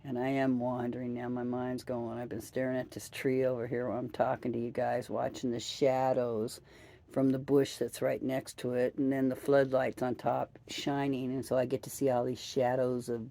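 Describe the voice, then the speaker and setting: A weary woman with a gravelly edge talks in a mellow, unhurried ramble, drifting from thought to thought as she hosts her podcast. She sounds outdoors at night and amuses herself as she goes. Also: extremely low pitch, little pitch movement. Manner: rambling, musing, self-amused. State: tired. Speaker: podcast host. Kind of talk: casual rambling chat. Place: outdoors at night by trees and floodlights.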